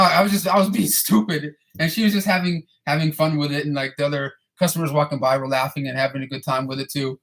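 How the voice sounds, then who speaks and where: A man's voice: on the high side, fairly even intonation, fast talker, a bit bright. A man in his thirties casually answering viewer questions, rambling and profane, often repeating and restarting his words. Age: 30s. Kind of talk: casual chat.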